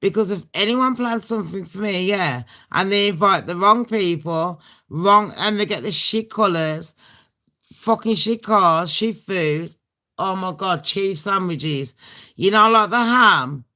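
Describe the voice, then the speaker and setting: This British livestream host's medium-pitched voice is bright and forceful, and she takes her time. Her casual storytime chat is blunt, full of swearing and laughing asides.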